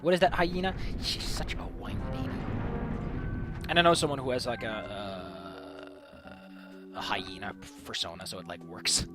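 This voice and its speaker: A man's voice: fairly low pitch, normal speed, over loud music. A man giving casual gameplay commentary, rambling and swearing freely as he tells a story. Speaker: let's play streamer.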